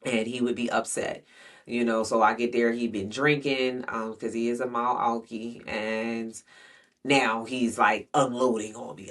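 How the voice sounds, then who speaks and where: A man's voice: mid-range voice, steady tone, normal speed, fairly bright tone, husky, distant mic. A man telling a frank, rambling personal story in casual slang, storytime vlog style. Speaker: vlogger. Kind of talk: candid storytime monologue.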